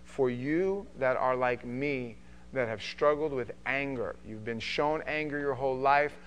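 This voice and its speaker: A male pastor preaching an animated sermon, acting out conversations and swinging from quiet talk to shouting. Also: mid-range voice, a little slow, slight background noise. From from an Italian Sicilian family.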